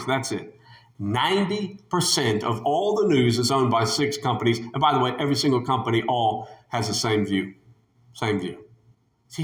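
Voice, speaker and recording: A man preaching a sermon in an emphatic, animated way, repeating his key phrases. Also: medium pitch, roomy sound.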